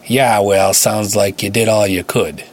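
A man's voice: lowish voice, fairly even intonation, measured pace, slight background noise, natural voice. A man voicing an easygoing male police officer, casual and reassuring. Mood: friendly.

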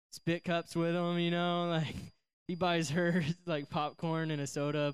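A man's voice: on the high side, smooth. A young adult man giving a casual youth sermon, chatty and joking as he tells a story to a live group in a church service. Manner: chatty, joking, slips into silly voices for characters. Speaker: youth pastor.

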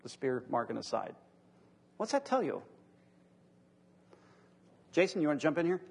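A man's voice: a little high, very animated, moderate pace, vocal fry, a little mellow, husky, big-room sound. A middle-aged man leading a church class discussion, teaching earnestly through rhetorical questions.

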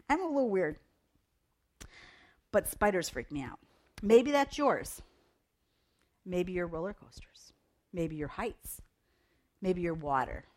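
A middle-aged woman giving a casual devotional talk to young people, chatty and rambling through personal stories. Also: on the low side. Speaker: youth devotional speaker.

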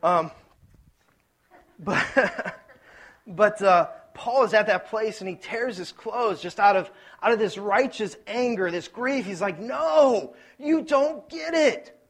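A man from Ohio preaching a sermon, telling stories in a lively, joking, conversational way. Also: high-pitched, takes it slowly. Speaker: pastor.

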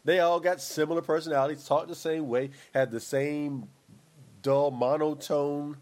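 A man's voice: a little high, moderate pace. A man in casual chat, talking in a rambling, opinionated way with many restarts.

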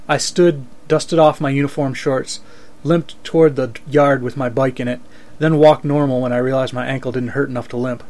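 A man reading first-person fiction aloud in a steady, dry storytelling manner. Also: mid-range voice, normal speed.

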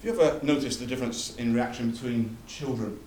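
Captured from far away in a reverberant church hall, a preacher drives his sermon forward with emphatic, repeated phrases. He speaks fairly quickly in a mid-range, slightly mellow voice, and there's slight background noise.

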